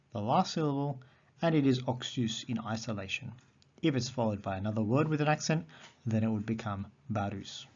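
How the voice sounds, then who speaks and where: A man teaching a recorded lesson on Greek accents, methodical and repeating key terms slowly. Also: medium pitch, darkish tone, muffled recording.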